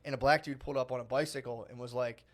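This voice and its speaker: A man co-hosting a casual podcast, telling a story quickly and acting out the quotes. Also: medium pitch. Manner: fast, animated storytelling with mimicked quotes. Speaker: podcast co-host.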